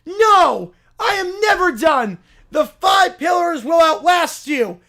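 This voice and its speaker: A man's voice: very high-pitched, sing-song, slow pace, pushed and bright, shouting, pitched above the performer's own voice, full character voice. A man voicing a self-righteous male preacher of a silly pizza religion who shrieks and rants in constant indignation. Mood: ranting outrage.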